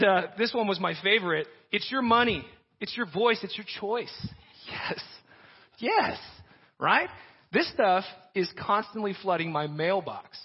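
Male pastor, sermon, conversational, joking asides, husky voice, dull lo-fi sound. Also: on the high side.

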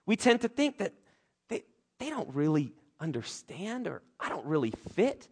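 An earnest male pastor delivers a heartfelt sermon, his fairly high voice climbing with urgency and then dropping into quiet reflection. He speaks openly and emotionally, in a casual way. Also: sing-song, normal speed, breathy edge. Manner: earnest, emotional, swings between loud urgency and soft reflection.

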